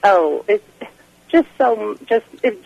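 A woman phoning in to a talk show, her voice hoarse and scratchy. It has a gravelly, rough edge and sounds close and dry. She muses reflectively and breaks into laughter often. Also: medium pitch, expressive, takes it slowly, no room sound, muffled recording. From Kentucky. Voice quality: scratchy, raspy. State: hoarse from a lingering cold. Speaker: caller. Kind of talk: casual phone-in chat.

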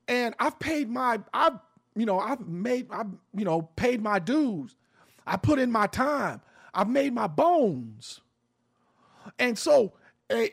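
A man's voice: high-pitched, fairly bright tone. A man hosting an opinion radio show, talking bluntly and emphatically, with swearing and preaching. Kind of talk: fiery opinion talk.

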